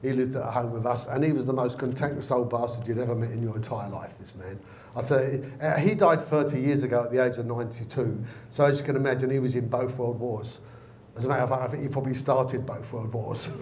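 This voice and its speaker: A man's voice: medium pitch, quick pace, slight background noise. Man telling a bawdy story. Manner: lively, gruff storyteller, swears freely. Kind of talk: storytelling joke.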